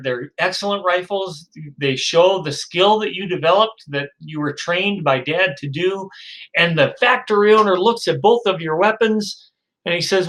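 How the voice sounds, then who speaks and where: A man's voice: sits high, fairly bright tone, low-quality recording. A male lecturer telling a story to his class, acting out the characters in quotes, with frequent fillers and restarts. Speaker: psychology lecturer.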